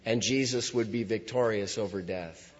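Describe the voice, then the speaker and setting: A man preaching a sermon as pastor in a church, moving between hushed lines and loud cries. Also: on the low side, moderate pace. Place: church sanctuary. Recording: dull sound with long hall reverb.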